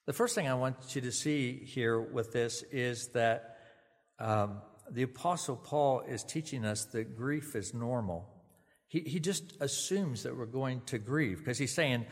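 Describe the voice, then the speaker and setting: Man preaching a gentle funeral sermon. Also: mid-range voice, a little slow, in a large hall. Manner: gentle, conversational preaching with small restarts. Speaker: pastor. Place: funeral service venue.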